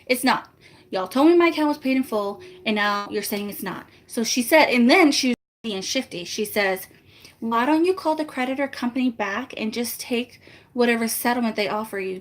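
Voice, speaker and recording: A woman with a fairly high voice tells a story to her live viewers in a loose, chatty way. She sounds exasperated and animated, and she slips into the voices of the people on the other end of the phone calls. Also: a little fast. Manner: acts out both sides of phone calls. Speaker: family vlogger.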